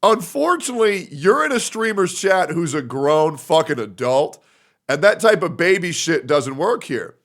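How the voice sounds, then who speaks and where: A man's voice: fairly high pitch, very animated, normal speed, a bit bright. A young man streaming live, ranting at his chat in a heated, argumentative way and swearing often. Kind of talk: livestream rant to chat.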